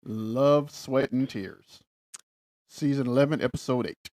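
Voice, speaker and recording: A man's voice: mid-range voice, unhurried, a little mellow, no room sound. Laid-back man, dry close mic. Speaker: podcast co-host. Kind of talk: casual recap chat.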